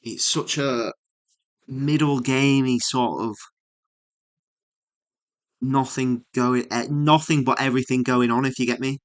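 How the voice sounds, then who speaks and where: A man thinking aloud as he works through chess puzzles, musing and muttering with frequent hums and pauses, mildly exasperated at himself. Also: mid-range voice, fairly even intonation. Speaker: chess streamer.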